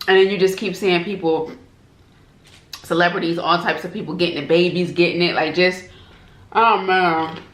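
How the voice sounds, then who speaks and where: A woman's voice: lowish voice, fairly even intonation, moderate pace, pauses often. A woman hosting an eating show, chatting casually to her viewers between bites. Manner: warm, chatty, talks to viewers as "y'all". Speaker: mukbang host. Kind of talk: casual chat while eating. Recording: echoey room with faint noise.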